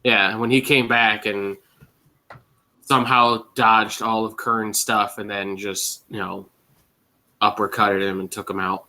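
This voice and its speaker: A man's voice: fairly low pitch, flat delivery, a little slow, pushed and bright, a little hiss or hum. A man on a casual panel, recounting a moment unhurriedly and searching for words. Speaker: panel guest.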